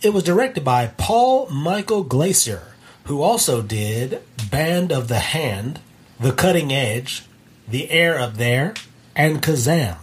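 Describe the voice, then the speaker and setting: A man co-hosting a casual movie review podcast, reading facts from his notes in an even-tempered way. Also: fairly high pitch, slow pace, husky. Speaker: podcast co-host.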